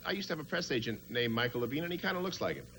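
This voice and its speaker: A man on a game show panel, asking halting, wry questions. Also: mid-range voice, animated. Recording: loud background noise.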